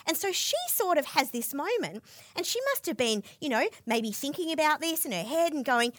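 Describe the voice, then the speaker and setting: A woman preaching a sermon in a fairly high voice that swings up and down, vivid and expressive as she walks through a scripture story. The recording is dry and close, with no room sound. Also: normal speed, no echo. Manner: expressive storytelling, asks listeners to imagine the scene.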